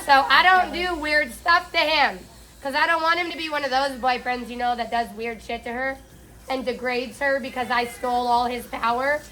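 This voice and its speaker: A woman's voice: high-pitched, steady tone, moderate pace, bright, forceful tone, rough recording. A middle-aged woman chatting candidly while bathing a cat, swearing freely as she talks. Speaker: pet groomer vlogger.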